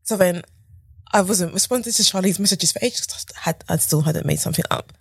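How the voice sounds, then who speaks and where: In a relaxed storytelling interview, a young UK podcast guest walks through her career with animated flair, impersonating others through sharp pitch leaps and whispers. Her voice is a little low with a husky edge, fairly quick, captured close-up with no echo.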